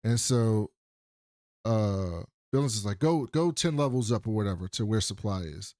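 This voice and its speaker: A man's voice: on the low side, moderate pace, no echo, studio quality. A man co-hosting a podcast, casually recapping a TV episode and acting out the characters' lines. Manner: animated retelling, acting out characters' lines with swearing. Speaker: podcast co-host.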